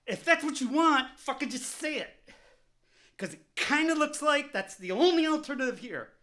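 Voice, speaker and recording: A man's voice: extremely high pitch, expressive, normal speed, bright, forceful tone. A man delivering an angry, profanity-laced political rant on his vlog, heated and repetitive, openly furious. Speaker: vlogger.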